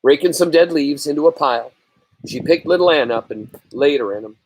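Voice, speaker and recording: A man reading a novel aloud in a slow, earnest storytelling manner. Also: a little high, expressive, a little mellow, breathy edge, no room sound. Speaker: reader.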